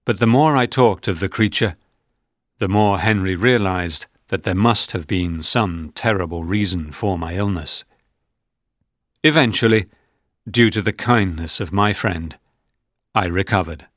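A man reading a storybook aloud in a measured, plain narrating manner. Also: low-pitched, no room sound, studio quality.

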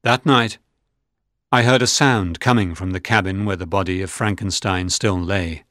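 A man narrating a storybook in a measured, even reading. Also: deep voice, no room sound, clean studio sound.

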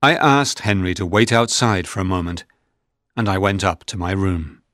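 A man reading a storybook aloud in a measured, plain narrating manner. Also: deep voice, animated, fairly bright tone, dry recording, clean studio sound.

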